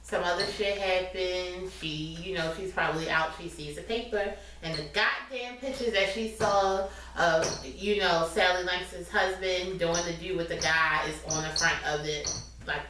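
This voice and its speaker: A woman's voice: lowish voice, fairly even intonation. A woman in casual chat, retelling a TV episode bluntly with quoted lines. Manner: fast, blunt, swearing, acting out quotes. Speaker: podcast co-host. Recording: echoey room, far from the mic, faint noise.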